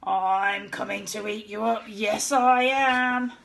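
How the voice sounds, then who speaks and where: A woman voicing a playful father pretending to be a hungry monster, with loud, teasing, drawn-out threats. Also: mid-range voice, fairly even intonation, gravelly.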